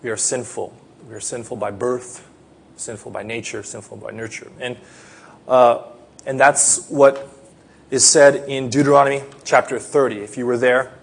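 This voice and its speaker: A man preaching at a baptism, earnest, swinging from quiet teaching to loud pleading prayer. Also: mid-range voice, gravelly. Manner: earnest, rises to loud pleading prayer then drops soft. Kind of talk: sermon.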